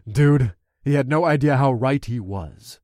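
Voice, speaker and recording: Guy reading a first-person fantasy story, expressive, super dry close mic. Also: mid-range voice, unhurried, dry recording. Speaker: audiobook narrator.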